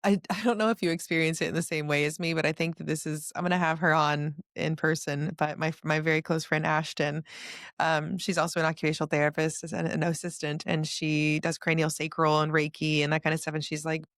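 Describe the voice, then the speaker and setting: A woman hosting a podcast, telling a personal story in a lively, casual way with frequent laughter. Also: deep voice, a little fast, no echo, clean studio sound. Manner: animated storytelling, laughs often. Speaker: podcast host. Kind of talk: casual conversation.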